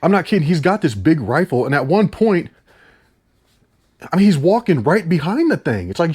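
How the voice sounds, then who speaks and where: A man's voice: fairly high pitch, sing-song, normal speed, long pauses, a little mellow, slightly rough. A man reviewing a movie in a casual, incredulous rant, swearing casually.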